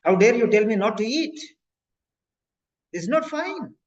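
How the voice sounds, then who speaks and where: Brief: man doing an indignant hungry patient, pitched way up, whiny demands, dull lo-fi sound. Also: lively intonation, a little slow. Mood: indignant pleading. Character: angry hungry adult male patient, demanding. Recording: dull lo-fi audio.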